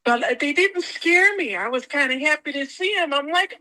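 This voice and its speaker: A woman's voice: sits high, normal speed, few pauses, sharp tone, poor audio. Rambling woman telling ghost stories. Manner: rambling, repeats words, acts out her own quotes. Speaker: guest. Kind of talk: casual storytelling interview.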